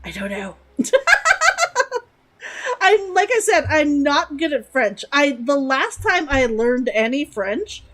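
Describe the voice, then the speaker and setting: High, lively woman streamer chatting. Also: slow pace. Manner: chatty, giggly, answering chat. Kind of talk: casual live-stream chat.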